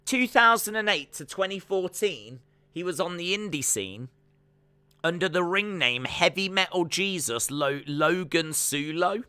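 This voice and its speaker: A man's voice: sits high, expressive, measured pace, pushed and bright, clean tone, no room sound. A man hosting a wrestling watch-along stream, chatting and musing aloud as he reacts. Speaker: stream host.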